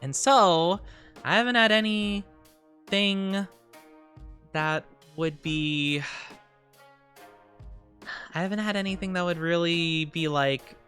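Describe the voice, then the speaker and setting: A woman's voice: fairly low pitch, slow, pauses often, fairly bright tone, clean tone, faint music behind. A woman streamer chatting casually with her live chat, giggling often and trailing off with fillers.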